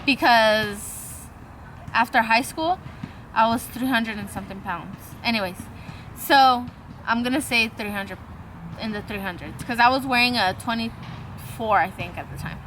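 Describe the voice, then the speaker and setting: This is a young woman vlogging, with a bright, slightly high voice. She tells a long personal story in a rambling, offhand way. She swears freely and acts out what others said. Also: unhurried, slight background noise, poor audio. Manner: acts out quoted dialogue. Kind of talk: casual storytelling.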